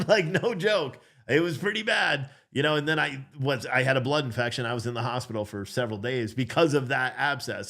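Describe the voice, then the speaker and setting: A man who is a father, telling a story in a casual, animated way, blunt and swearing, acting out the voices in it. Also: mid-range voice. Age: adult father. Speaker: vlogger.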